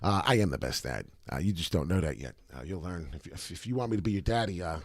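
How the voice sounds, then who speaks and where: A man hosting his own channel, chatting excitedly about crypto charts with lots of "uh" fillers and a voice that cracks now and then. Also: low voice, quick pace, dry recording. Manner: breaks into loud off-key singing. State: voice cracking in the morning. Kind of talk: casual crypto chart commentary.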